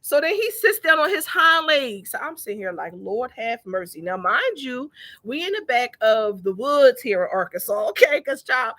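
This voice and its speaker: A lively woman telling a story straight to her viewers, her voice bright and high. She flips between chatty narration and loud, high-pitched yelling when she acts out the scene, and the sound is close and dry. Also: normal speed, no echo. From Philadelphia. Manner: animated, breaks into laughter and high-pitched yelling while telling stories. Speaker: business owner vlogging. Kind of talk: casual storytelling vlog.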